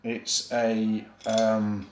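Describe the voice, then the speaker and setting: This Yorkshire man reviews beer on a casual vlog, chatty and self-deprecating, wandering off with lots of fillers. He speaks extremely slowly in a lowish, monotone voice, and the recording has an echoey room sound.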